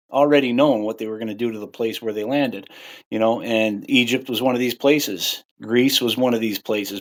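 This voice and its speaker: Rambling man talking on a livestream. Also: a little mellow. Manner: rambling, with frequent "right?" and "you know" fillers; rises in pitch and volume on quoted lines. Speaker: livestream host. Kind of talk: casual livestream monologue.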